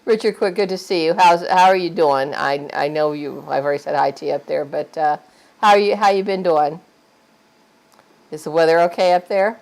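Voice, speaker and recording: A woman's voice: sits low, steady tone, moderate pace, vocal fry, darkish tone. An older woman co-hosting a casual live stream, chatty and laughing often as she reads viewer comments aloud. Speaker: co-host reading viewer chat.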